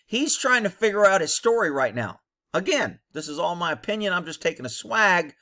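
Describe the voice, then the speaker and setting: A man's voice: sits high, big pitch swings, brisk, pushed and bright. A man who was a police officer, giving blunt, cynical commentary over bodycam footage.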